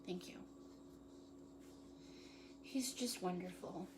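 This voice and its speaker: In a home kitchen, a woman hosts a cooking show with casual live chat, playful and jokey, praising herself with puns. Her voice is fairly low and slow, and the recording picks up kitchen noise like chopping and clicks.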